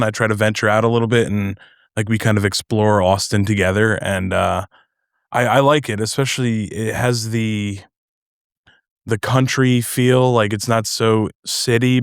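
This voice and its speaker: A man's voice: lowish voice, fairly even intonation, moderate pace, smooth, no room sound, studio quality. A young man from North New Jersey, a comedian guest chatting casually on a podcast, rambling and hesitant with many fillers.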